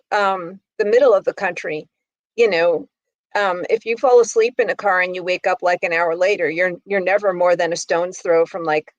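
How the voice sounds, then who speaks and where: A woman author as an interview guest, speaking thoughtfully and pausing often with ums. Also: fairly low pitch, dry recording, muffled recording. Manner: thoughtful, hesitant with many ums. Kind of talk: casual interview chat.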